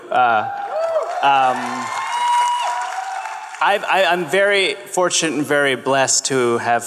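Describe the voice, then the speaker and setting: A man's voice: medium pitch, fairly bright tone. A man in his thirties, a children's TV host, speaking earnestly and gratefully on a convention panel. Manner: earnest and grateful, quick bursts of speech. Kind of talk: casual panel talk. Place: large convention hall. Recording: long reverb of a convention hall.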